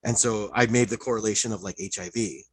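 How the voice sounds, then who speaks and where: Excited husky man retelling cartoons. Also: on the low side, quick pace, no echo, low-quality recording. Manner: excited, profane storytelling, many "like" fillers. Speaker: podcast co-host. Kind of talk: casual chat.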